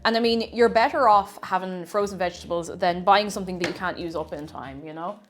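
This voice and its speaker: A woman's voice: fairly low pitch, brisk, slight background noise. A woman chatting casually to viewers while cooking on a livestream, greeting them and laughing at herself. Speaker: streamer.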